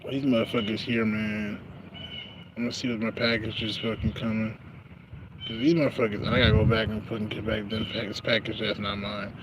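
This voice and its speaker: A man's voice: on the low side, brisk. Profane laid-back man rambling over traffic noise. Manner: profane, laughing, animated storytelling. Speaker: livestreamer. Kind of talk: casual rambling monologue.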